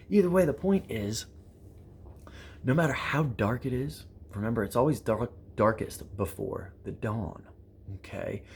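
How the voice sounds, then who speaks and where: A man in his thirties telling motivational stories to his viewers, animated and profane, acting out the people in his stories. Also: on the low side, husky. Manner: animated, acts out quoted exchanges, profane, repeats phrases for emphasis. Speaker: prepper vlogger. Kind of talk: motivational storytelling to camera.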